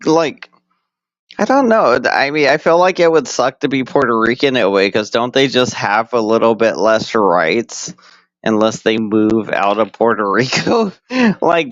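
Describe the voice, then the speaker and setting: A man's voice: medium pitch, a bit bright, clean tone, no room sound. A man streaming casually, rambling crudely with lots of fillers and frequent laughs. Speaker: live streamer. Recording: dull lo-fi stream audio.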